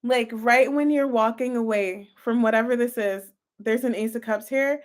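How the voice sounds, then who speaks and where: A woman giving a casual tarot reading, chatty and excitable, talking straight to her viewers. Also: on the high side, normal speed. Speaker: tarot reader.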